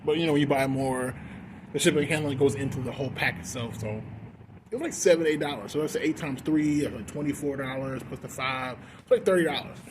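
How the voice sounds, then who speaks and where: Man, casual profane rant, rambling with lots of fillers, mid pitch, noisy background. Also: quick pace. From Texas. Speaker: fast food worker venting. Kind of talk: casual ranting vlog.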